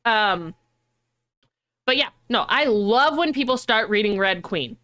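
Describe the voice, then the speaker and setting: A young woman streamer chatting casually, animated and rambling, with frequent swearing. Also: on the high side, measured pace.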